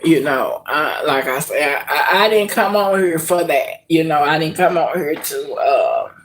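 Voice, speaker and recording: A woman hosting a casual live cooking stream, speaking to her viewers in an emotional, heartfelt way, with many pauses and soft near-whispered moments. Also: sits low. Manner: slow, heartfelt, emotional, addresses viewers as y'all. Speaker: cooking vlog host.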